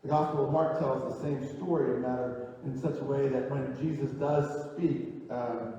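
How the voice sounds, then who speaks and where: Distant echoey pastor preaching in a church. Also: male voice, steady tone, normal speed. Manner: conversational, thinks aloud with restarts, drops low and quiet on key phrases. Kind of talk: sermon. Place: church sanctuary. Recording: echoey church hall, distant mic, dull and lo-fi.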